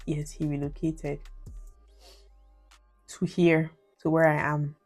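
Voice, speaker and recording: A woman's voice: deep voice, little pitch movement, takes it slowly, soft background music. A young Nigerian woman with a Nigerian accent, talking casually about movies as a video reviewer. She laughs often and slips into Nigerian Pidgin. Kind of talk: casual commentary on her old reviews.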